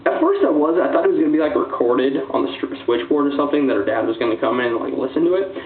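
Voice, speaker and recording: A man's voice: a little high, big pitch swings, very fast. A man giving a casual, rambling movie review, full of "like" and "um". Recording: tinny lo-fi sound in an echoey room.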